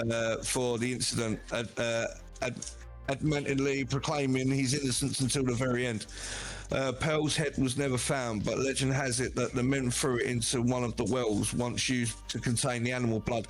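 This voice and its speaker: A man hosting a podcast, reading a horror story off his prompts with frequent "uh" pauses. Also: mid-range voice. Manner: halting, many "uh" fillers.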